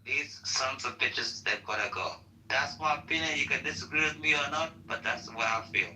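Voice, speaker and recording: A man's voice: medium pitch, a little fast, pushed and bright, reverberant, slight background noise, low-quality recording. A man ranting on a political talk show, heated and profane, often repeating himself. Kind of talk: casual political rant.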